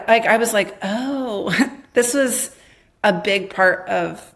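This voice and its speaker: Woman with a gravelly edge, telling her story. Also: mid-range voice, slow. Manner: quotes her past self in lively bursts, frequent "like". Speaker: podcast guest, memoir author. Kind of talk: candid personal storytelling.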